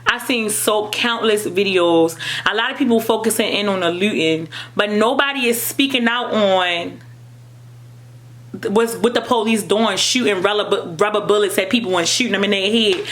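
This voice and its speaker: Speaking at medium pitch and a moderate pace, a young woman vlogger with an African American English accent gives heated personal opinions. She repeats herself for emphasis and builds to near-shouting.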